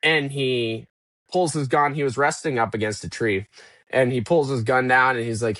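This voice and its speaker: Man telling a story with animated energy. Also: medium pitch, normal speed, dry recording. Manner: animated, acts out his own past thoughts in quotes. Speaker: podcast guest. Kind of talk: casual storytelling interview.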